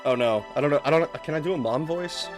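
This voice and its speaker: A man's voice: on the high side, fast talker, music in the background. A man streaming a video game who talks casually, swears often and laughs a lot. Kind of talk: let's play commentary.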